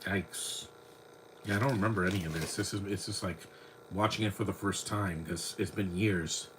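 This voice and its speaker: A man's voice: low-pitched, moderate pace, noisy background. A man around forty, a podcast host, chatting in a rambling way as he watches a movie and comments on it. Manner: rambling, chatty fan talk.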